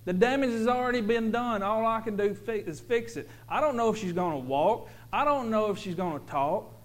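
A man's voice: sits high, animated, a little fast, voice pushed up. A man quoting a worried male surgeon who bluntly admits he cannot promise an outcome.

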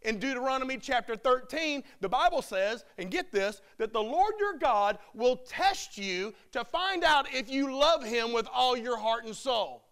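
High-pitched man preaching with rising fervor. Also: lively intonation, unhurried, few pauses, smooth. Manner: emphatic, building to shouted peaks. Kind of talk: sermon.

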